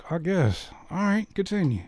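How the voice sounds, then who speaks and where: A man hosting a casual reaction commentary, talking in an animated, incredulous way that jumps high when he is baffled. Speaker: reaction video host.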